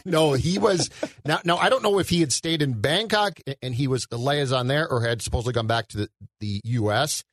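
A man's voice: medium pitch, a little fast, fairly bright tone, no room sound, clean studio sound. Rambling man on a movie podcast. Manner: rambling, hedging, thinks aloud. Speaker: podcast co-host. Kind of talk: casual film discussion.

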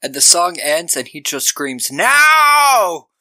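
A man's voice: a little high, normal speed, sharp tone, no echo. A man co-hosting a podcast, casually recapping a film scene by scene, laughing often and acting out lines from the movie. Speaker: podcast co-host.

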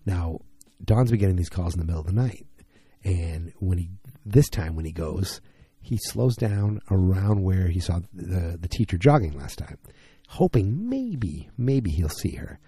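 A tired man casually recapping a TV episode, rambling and acting out the characters' lines in quick bursts. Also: sits low, warm tone, husky, no echo. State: tired, yawning. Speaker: podcast host recapping a TV episode.

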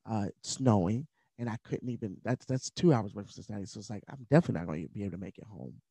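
A man speaks as a podcast guest, sharing his story in an earnest, candid and casual way. His voice sits low with a warm, mellow tone. The recording is dry and close. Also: lively intonation, very fast, gravelly, slightly rough, dry recording. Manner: earnest, candid, at times emotional; conversational with fillers like uh and like. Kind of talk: personal storytelling in conversation.

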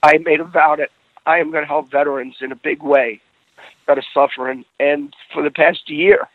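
A middle-aged man with a gravelly, somewhat high voice tells his story earnestly, stumbling and restarting as feeling rises. The sound is thin and phone-like, with no room around it. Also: flat delivery, moderate pace, no echo. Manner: earnest storyteller who restarts phrases and grows emotional. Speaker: guest telling a personal story. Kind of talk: casual conversation.

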